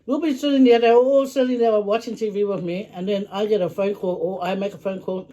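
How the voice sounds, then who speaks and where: A middle-aged woman chatting casually on her vlog, telling an animated story about her kids. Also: medium pitch, brisk, a little hiss or hum. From Australia. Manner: animated storytelling, acting out phone calls. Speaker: vlogger, mother. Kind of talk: casual mukbang chat.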